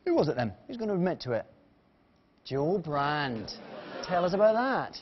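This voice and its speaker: Teasing male game-show host, high voice. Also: sing-song, moderate pace, long reverb tail, slight background noise. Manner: teasing, jokey. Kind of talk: panel show hosting. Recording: dull TV studio sound with audience. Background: studio audience.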